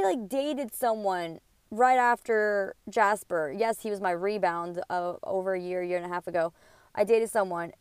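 A woman's voice: medium pitch, smooth, dry recording. A woman hosting a podcast, telling a heated personal story with lots of swearing and quoted dialogue. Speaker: podcast host. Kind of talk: casual storytelling monologue.

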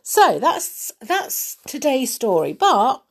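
Storyteller: woman, slow, chatty, animated, reads to children. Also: medium pitch, creaky, breathy edge. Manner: chatty and lively, asking the listener questions. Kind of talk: reading a children's story aloud.

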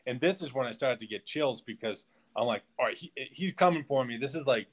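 A man speaking as a podcast guest, rambling through a personal story with lots of restarts and filler words. His pitch sits in the middle of the male range, and his talk stays loose and conversational. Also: lively intonation, a little fast.

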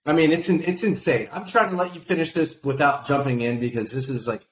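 A man's voice: fairly high pitch, brisk, a crowd in the background. A man co-hosting a podcast, chatting casually and animatedly, laughing and mimicking others. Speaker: podcast co-host. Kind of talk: casual political chat. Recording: echoey room with faint noise.

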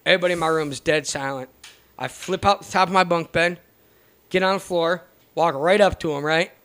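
A man's voice: fairly high pitch, a little fast. A young man casually telling a profane story to friends, acting out other people's lines as he goes. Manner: profane, animated, acts out other people's voices.

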